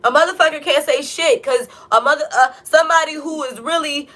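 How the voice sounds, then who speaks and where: A woman's voice: high-pitched, brisk, fairly bright tone. A young woman giving a tarot reading as a blunt, profane pep talk, preaching about self-acceptance. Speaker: tarot reader.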